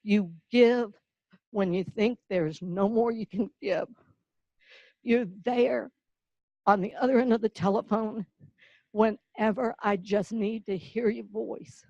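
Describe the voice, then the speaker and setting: A woman's voice: mid-range voice, warm tone, dry recording, dull audio. An older woman from the North Carolina-Virginia border, giving a folksy, heartfelt award tribute. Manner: folksy storyteller, slow and emotional. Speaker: award presenter.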